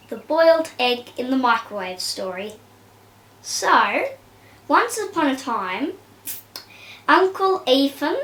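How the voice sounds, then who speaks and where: High-voiced woman telling family stories. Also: a bit bright, echoey room. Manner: chatty, unhurried, acting out quotes. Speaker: family storyteller. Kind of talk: casual storytelling.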